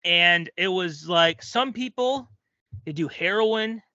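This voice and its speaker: A man's voice: sits high, lively intonation, slow pace, bright, forceful tone, dry recording, lo-fi sound. A man hosting a comedy podcast, telling stories animatedly, laughing often and acting out quotes. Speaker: podcast host. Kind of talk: comedic storytelling chat.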